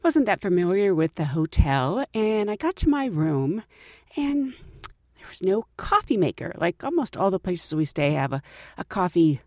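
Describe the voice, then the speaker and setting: A woman hosting a casual chat, telling stories in an animated way and laughing often. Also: mid-range voice, dry recording, studio quality. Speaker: podcast host.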